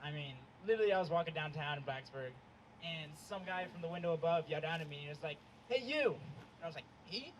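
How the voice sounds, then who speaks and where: A young man doing a stand-up set outdoors, hesitant and deadpan, with many ums. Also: a little high, fast. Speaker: stand-up comedian. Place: outdoor show in the cold. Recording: noisy outdoor recording.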